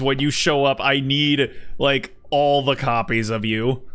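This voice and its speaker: A male streamer chats over his gameplay with sarcastic jokes and the odd curse. His voice is bright, crisp and smooth. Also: mid-range voice, steady tone, measured pace. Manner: joking, sarcastic, swears. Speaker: game streamer. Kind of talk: casual live-stream commentary.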